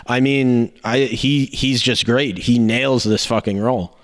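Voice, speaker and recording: A man's voice: mid-range voice, steady tone, a little slow. A man hosting a podcast in casual chat, explaining things in a rambling way and correcting himself as he goes. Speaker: podcast host.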